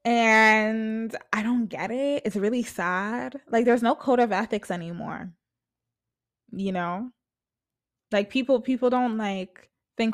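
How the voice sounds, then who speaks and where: A woman's voice: a little high, unhurried. A young woman giving casual gossip commentary from her apartment, talking bluntly with lots of swearing and filler words.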